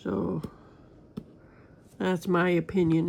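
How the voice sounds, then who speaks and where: A woman's voice: fairly low pitch, little pitch movement, slow, gravelly, warm tone. A woman crafting vlogger chatting casually and rambling to her viewers while she works on a diamond painting.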